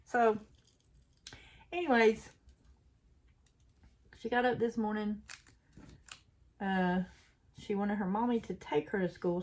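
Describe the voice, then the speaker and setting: A woman's voice: medium pitch, a little slow, long pauses, a little mellow. An older woman, the host of a craft channel, chatting and telling rambling stories while she works on a craft. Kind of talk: casual chat while crafting.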